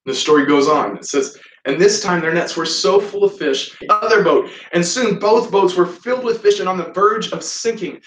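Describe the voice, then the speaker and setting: A man's voice: high-pitched, moderate pace, few pauses, a bit bright. A man preaching a sermon, telling a Bible story and acting out its lines. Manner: storytelling preacher, acts out quoted lines with voices. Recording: echoey room, from a distance.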